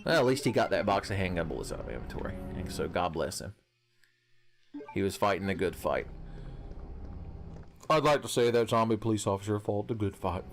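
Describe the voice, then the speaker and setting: A man's voice: fairly low pitch, animated, brisk, long pauses, faint music behind. A young man casually commenting on a video game as he plays, swearing and joking with his chat and laughing often. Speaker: streamer.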